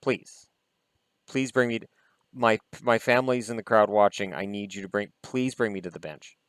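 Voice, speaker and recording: A worn-out hockey player pleads breathlessly to be helped off the ice, as a man acts him out in a low voice. The sound is close and dry with no room around it. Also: normal speed, a bit bright, clean tone, no room sound, lightly acted. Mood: pleading. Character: exhausted male hockey player begging to reach the bench.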